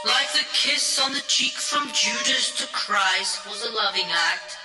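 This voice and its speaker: A high-voiced, androgynous priest , as a man acts him out, chants a sermon and drifts into song. He sounds distant and roomy, and a thick music bed sits behind him. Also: expressive, a little slow. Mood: preaching. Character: androgynous male metal priest preaching. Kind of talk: mock sermon over music. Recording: echoey, distant, under loud music.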